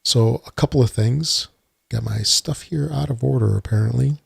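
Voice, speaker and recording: A gravelly, mid-range voice with a breathy edge moves at a moderate pace as a man hosts his casual solo gaming podcast. He wanders from point to point with lots of uhs and bits of dry sarcasm, captured on a desktop computer mic without room sound.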